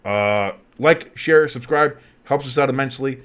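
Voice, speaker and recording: A man's voice: mid-range voice, normal speed, a bit bright. A man co-hosting a casual sports podcast, playful and teasing, often slipping into goofy voices. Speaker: co-host.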